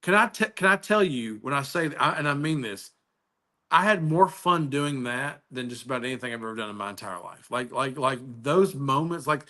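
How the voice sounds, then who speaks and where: With a medium pitch, lively intonation, and a fairly quick pace, this man sounds bright and forceful. He's an excited storyteller chatting casually on a live video call, often restarting what he says.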